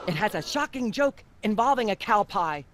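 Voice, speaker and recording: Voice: mid-range voice, animated, normal speed, crowd noise, natural voice. An actor voicing a prim, lecturing female talk-show host in a video game.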